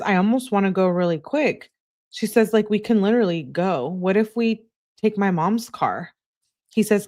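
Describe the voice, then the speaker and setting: Woman casually reading text messages. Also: lowish voice. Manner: reads messages aloud in a flat relaxed tone, chatting to viewers between them. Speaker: true crime channel host.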